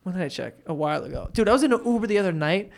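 A young man hosting a podcast, telling profane, animated stories in casual chat. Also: high-pitched, racing, vocal fry. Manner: loose storytelling, profane, animated retellings. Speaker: podcast host.

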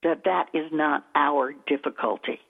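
A woman from Texas, a speech coach guest on a radio talk show, speaking in an emphatic, animated way. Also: low voice, unhurried, vocal fry, breathy edge, phone-quality sound. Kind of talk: radio interview.

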